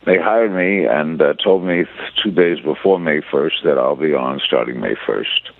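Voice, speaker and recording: Elderly male broadcaster guest, very low voice, anecdotal, phone-quality audio. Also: creaky, no echo. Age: 80s. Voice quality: very deep voice. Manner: unhurried anecdotal storyteller with frequent uh fillers. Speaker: interview guest, veteran broadcaster. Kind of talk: storytelling reminiscence. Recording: tinny phone-line audio.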